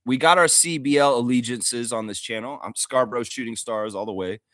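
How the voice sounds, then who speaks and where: A young man hosting a casual fan show, excitable, laughing often and mimicking others in high squeaky voices. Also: a little fast, dry recording, clean studio sound. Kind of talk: casual fan talk stream.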